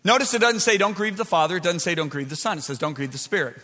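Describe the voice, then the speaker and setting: A middle-aged man preaching a sermon to a live crowd, swinging between loud shouted points and soft, confiding asides. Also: fairly high pitch, fast. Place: large hall with an audience. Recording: long hall reverb.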